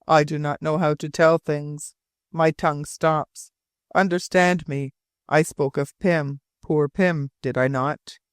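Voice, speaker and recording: A man voicing a halting, insistent frontier sailor. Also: on the high side, steady tone, clean tone, no room sound, studio quality. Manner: broken, repetitive, emphatic phrasing.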